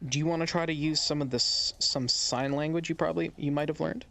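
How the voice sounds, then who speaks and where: A man's voice: fairly high pitch, fairly even intonation, fairly quick, gravelly, fairly bright tone, a little hiss or hum. A man running a tabletop game as game master, narrating loosely with fillers.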